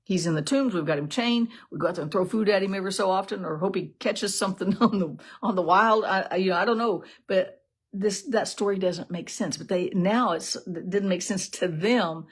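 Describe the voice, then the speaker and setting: A woman giving a casual, animated devotional talk, asking lots of rhetorical questions. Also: medium pitch, fairly quick, slightly rough. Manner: animated, conversational, laughs often, many rhetorical "right?". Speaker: devotional teacher.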